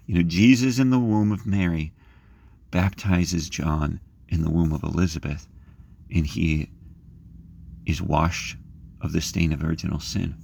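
A man leading a guided scripture meditation, gently inviting listeners to imagine the scene and rising in pitch as he reads the verses. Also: unhurried, vocal fry, pauses often, breathy edge. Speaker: prayer leader.

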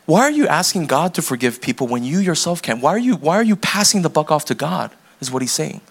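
High-voiced pastor preaching conversationally. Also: male voice, very animated, quick pace. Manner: conversational, acts out little scenes with quoted voices; rising to pressing questions. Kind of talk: sermon.

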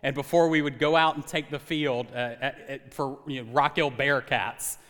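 A young man preaching a sermon as pastor, animated and conversational with touches of humor. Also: mid-range voice, normal speed. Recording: long hall reverb.

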